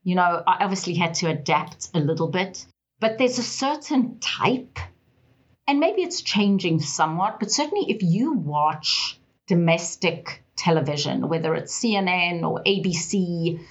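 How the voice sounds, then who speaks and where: A woman with a South African accent, a guest on a podcast interview, telling her story in an expressive, emphatic way. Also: fairly low pitch, a little slow, slightly rough, muffled recording.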